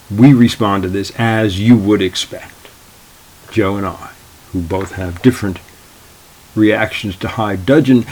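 A man's voice: lowish voice, darkish tone, breathy edge, low-quality recording. A man, a tournament organizer, telling anecdotes in a wry, dry, exasperated way. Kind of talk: anecdotal storytelling.

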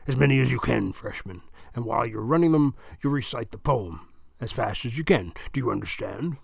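A man's voice: medium pitch, animated, a little fast, creaky, breathy edge, full character voice. A man voicing a stern, imposing male debate coach who barks commands like a drill instructor. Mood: instructing.

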